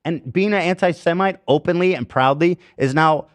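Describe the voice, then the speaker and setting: In this dry studio take with no room sound, a podcast host with a fairly high male voice delivers a heated rant at a moderate pace. He's furious, swears constantly, and hammers his points hard.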